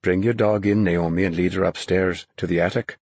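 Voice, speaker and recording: A tall young man speaks low and wry, hesitating before he agrees, as a male reader plays him. The husky voice is close and dry, as in a storybook audiobook. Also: steady tone, fairly quick, darkish tone, no room sound. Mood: doubtful. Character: tall young man, doubtful but willing.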